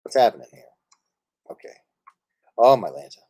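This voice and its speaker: A male streamer talking in an animated way, his pitch jumping all over as he laughs and jokes. His voice is recorded close and dry, with no room sound. He teases his friends and swears playfully. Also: normal speed, no room sound. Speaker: streamer host. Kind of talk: casual live-stream chat while playing.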